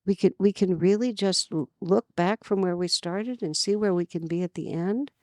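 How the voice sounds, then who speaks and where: A woman from California giving an earnest spiritual talk at a retreat, telling stories with lively emphasis. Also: medium pitch, normal speed, no echo, studio quality. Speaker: spiritual teacher. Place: retreat gathering.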